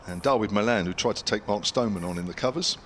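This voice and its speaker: Cricket commentator, man, lowish voice, chatty live delivery, noisy outdoor feed. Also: quick pace, fairly bright tone. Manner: chatty, chiming in with asides to his co-commentator.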